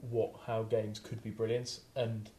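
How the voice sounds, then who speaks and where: A man's voice: on the low side, little pitch movement, measured pace, mellow, roomy sound. A man with a Scottish accent talking eagerly on a studio podcast, with many fillers. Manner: enthusiastic, hesitant with fillers. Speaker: podcast co-host. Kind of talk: casual studio chat.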